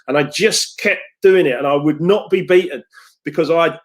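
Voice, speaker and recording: A man's voice: fairly high pitch, a little fast, a little hiss or hum. A middle-aged man, a success coach, telling stories in a chatty, upbeat way to his followers. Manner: chatty and upbeat, storytelling with quotes. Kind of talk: casual live talk to followers.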